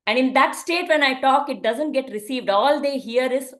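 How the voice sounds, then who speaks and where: A woman's voice: sits high, lively intonation, normal speed, few pauses. A woman teaching a parenting class in a conversational way, often asking rhetorical questions.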